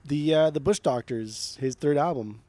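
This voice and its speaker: A man's voice: on the high side, normal speed, mellow, no room sound. A young man co-hosting a casual chat, blunt and profane, often repeating words as he starts a sentence. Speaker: podcast co-host.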